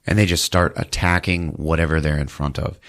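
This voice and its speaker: A man with a very low voice hosts a comedy podcast, retelling a film's plot with loose, animated energy. He keeps breaking into squeaky put-on voices for the characters. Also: brisk. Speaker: podcast host recapping a movie. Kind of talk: comic movie recap.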